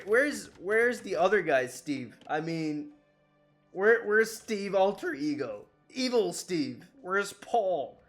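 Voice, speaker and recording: A man's voice: sits high, a bit bright. A man giving casual commentary over his own strategy game match, laughing often and mocking his own mistakes as he rambles along. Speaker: gaming YouTuber.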